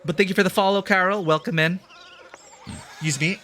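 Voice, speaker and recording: A man's voice: sits high, steady tone, brisk, sharp tone, a little hiss or hum. A man streaming a story game, chatting casually and thinking aloud with lots of fillers. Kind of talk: casual live-stream chat.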